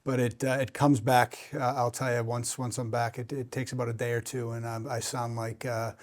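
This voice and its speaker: A man's voice: mid-range voice, level tone, moderate pace. A man in his forties from Boston with a faint Boston accent, talking directly and emphatically as a podcast guest. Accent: American, faint Boston. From Boston, USA. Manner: direct, emphatic, many restarts. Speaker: guest, private equity banker. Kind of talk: casual podcast chat.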